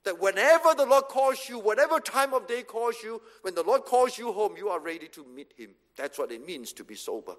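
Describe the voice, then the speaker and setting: Guy with a high voice preaching, punchy repeated commands, long church echo. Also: big pitch swings, brisk, hardly any pauses, a bit bright. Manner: emphatic, repeats short commands. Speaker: pastor. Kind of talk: sermon. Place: church hall. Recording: reverberant hall.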